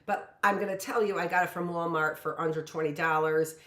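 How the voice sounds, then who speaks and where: Chatty woman in her fifties rambling thru a live class in her kitchen, lowish voice, echoey room. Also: fairly even intonation, brisk, fairly bright tone. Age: 50s. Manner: rambling, chatty, lots of "you know". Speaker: teacher. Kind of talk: casual live-stream lesson. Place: home kitchen.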